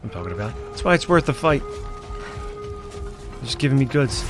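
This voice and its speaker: A man's voice: medium pitch, big pitch swings, normal speed, pauses often, over music. A man giving laid-back, casual commentary while playing a video game, mumbling to himself. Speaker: gameplay streamer. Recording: voice over loud game audio.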